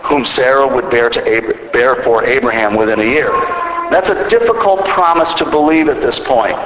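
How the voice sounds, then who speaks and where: A man preaching a sermon in a measured way, building to emphatic peaks. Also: medium pitch. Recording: echoey hall, faint background noise.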